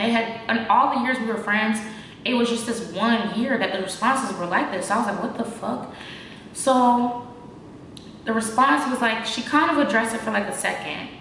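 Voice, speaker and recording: A young woman with a naturally shaky voice that cracks, telling a story in loose, slangy talk full of fillers. She sounds like she is in a very echoey room, with a faint hiss under her voice. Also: mid-range voice. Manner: slangy, animated, lots of fillers. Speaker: vlogger. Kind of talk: casual storytime chat.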